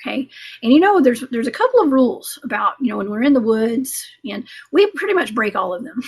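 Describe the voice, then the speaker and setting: A woman's voice: fairly high pitch, sing-song, brisk, breathy edge. A woman guest telling a rambling paranormal story in a casual interview, full of fillers and restarts. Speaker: guest, cryptid investigator.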